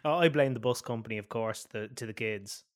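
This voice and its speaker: A man's voice: lowish voice, a little fast. A man hosting an interview, asking questions in a friendly, easy way. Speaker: interviewer host.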